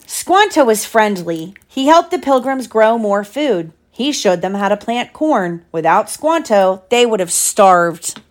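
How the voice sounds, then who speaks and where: A mother reading a picture book aloud to her young children, gentle and chatty, stopping to explain the pictures. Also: mid-range voice, big pitch swings, measured pace, few pauses.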